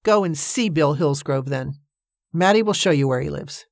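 A gruff, grim carpenter, as a woman reader puts him on, growling and blunt. The sound is dry and close with no room. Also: low-pitched, lively intonation, moderate pace, dry recording.

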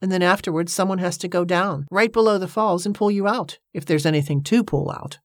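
A woman narrating an audiobook in a measured storytelling manner. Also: lowish voice, a little mellow, no room sound, studio quality.

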